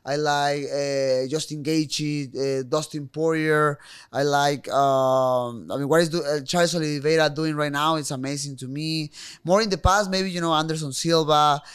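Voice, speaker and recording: A young man from Mexico whose first language is Spanish, speaking English with a Mexican accent. His voice sits a little high and sounds smooth and resonant. He talks in stops and starts, circling back over his words. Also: fairly even intonation, fairly bright tone. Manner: halting, many restarts and fillers. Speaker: guest fighter. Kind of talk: casual interview talk.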